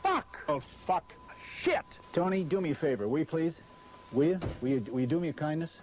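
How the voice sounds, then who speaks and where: A man who swings up and down in pitch as he curses and rants at the crew between takes. His voice sits a little high for a man. A faint hiss of noise hangs under the old recording. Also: lively intonation, quick pace, mellow. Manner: cursing nonstop, frustrated, barking at crew. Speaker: voice-over announcer. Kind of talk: angry outtakes from a commercial recording session. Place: recording set with hot lights and a car.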